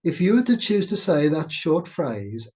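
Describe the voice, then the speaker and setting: A man guiding a meditation, speaking in a slow, gentle, soothing way. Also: fairly high pitch, sing-song. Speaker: meditation teacher. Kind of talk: guided meditation talk.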